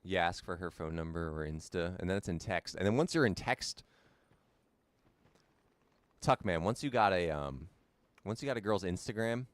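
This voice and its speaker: A young man with a low, deep voice talks casually while he plays a game on a live stream. He rambles, repeats lines and answers viewer comments as they come in. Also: animated, normal speed, long pauses, dry recording. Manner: chatty, repeats himself, answers viewer chat.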